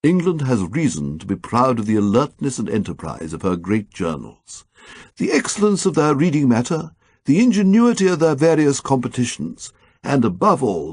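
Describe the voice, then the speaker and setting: A man uses an exaggerated, fairly high, gravelly voice with a darkish, slightly rough tone and no room sound. He's voicing Teddy Weeks, a prim young man whose speech is stiff, formal and oddly precise.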